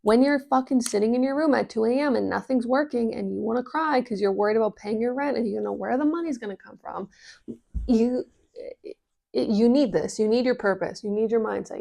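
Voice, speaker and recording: A woman talking casually as a business coach, energetic and full of fillers, swearing now and then. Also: fairly high pitch, fairly quick, gravelly. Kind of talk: casual explainer vlog.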